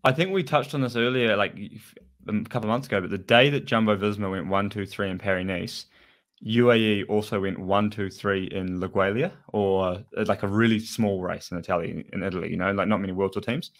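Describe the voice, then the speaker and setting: Male co-host, low voice, loose rambling chat full of "like". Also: steady tone, fairly quick. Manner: rambling, many fillers and restarts. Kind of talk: casual podcast chat.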